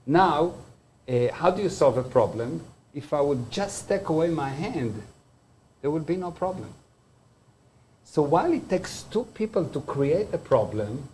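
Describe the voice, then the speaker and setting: A man's voice: on the high side, darkish tone, slight background noise. A man giving a motivational talk. He explains words by defining them and backs each point with everyday examples. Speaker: motivational speaker.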